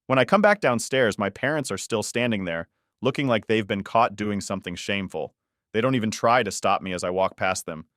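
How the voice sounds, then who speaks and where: A man reading a first-person story as a scripted narration, in an even, measured manner. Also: on the low side, dry recording, clean studio sound.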